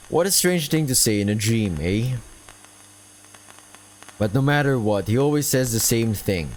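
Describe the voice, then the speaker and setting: A man's voice: fairly low pitch, darkish tone, a little hiss or hum, poor audio. A man playing through a visual novel, reading the narration aloud expressively and laughing at his own slips. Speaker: visual novel let's player. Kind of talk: dramatic reading of game narration.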